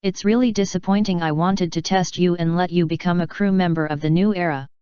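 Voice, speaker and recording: A woman reading a fanfiction audiobook in an even, unhurried way. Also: lowish voice, smooth, dry recording. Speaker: audiobook narrator. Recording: dry, slightly dull recording.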